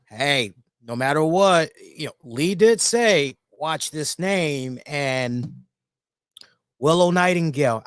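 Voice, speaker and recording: A man hosting a solo wrestling review, talking in an animated, emphatic way and repeating words for emphasis. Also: a little high, no echo, studio quality. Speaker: wrestling show reviewer, host.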